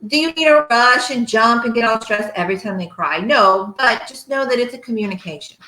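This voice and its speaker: A woman's voice: a little high, lively intonation, brisk, pushed and bright. A middle-aged woman, a pediatric physical therapist, giving a chatty workshop lecture to parents and often checking that her listeners follow. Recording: echoey room.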